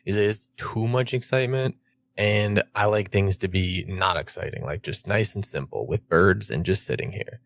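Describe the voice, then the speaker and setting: Man, low voice, laid-back, playful slang, casual gaming podcast chat. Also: normal speed, a little hiss or hum. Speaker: podcast co-host.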